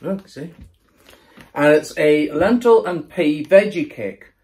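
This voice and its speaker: A man's voice: on the high side, takes it slowly. A man in casual chat, tasting snacks and reading labels aloud in a chatty way. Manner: chatty, lively, reads labels aloud while chewing.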